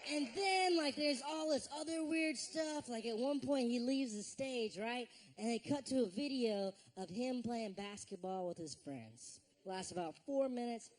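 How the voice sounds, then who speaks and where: A man performing a stand-up routine on stage, telling stories in an animated way with voiced reactions. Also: very high voice, a little slow, few pauses. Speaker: stand-up comedian. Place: live show on stage.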